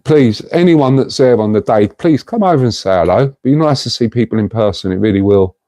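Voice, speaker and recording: A man's voice: medium pitch, expressive, fairly quick, mellow, dry recording. A middle-aged man, hosting a casual livestream and talking to viewers in an earnest, rambling way. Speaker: livestream host.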